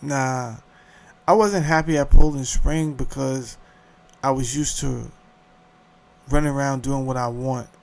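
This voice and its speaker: A man's voice: mid-range voice, steady tone, unhurried, creaky, pauses often. A middle-aged man hosting a show, ranting in a heated, profane monologue. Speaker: show host.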